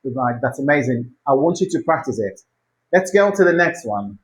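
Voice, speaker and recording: A pronunciation teacher leading a lesson, modelling words slowly and repeating them for the learner to copy, with short encouraging prompts. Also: medium pitch, very animated, rough recording. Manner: slow, drawn-out model words repeated for practice.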